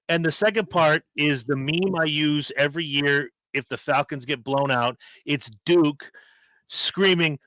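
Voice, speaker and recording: A man co-hosting a casual podcast, talking in an animated way and quick to act out movie quotes. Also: on the high side. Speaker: podcast co-host. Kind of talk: casual chat.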